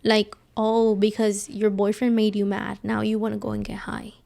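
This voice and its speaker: Chatty woman with a gravelly edge. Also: mid-range voice, normal speed. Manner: animated storyteller acting out quoted voices. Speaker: podcast co-host. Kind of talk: casual chat.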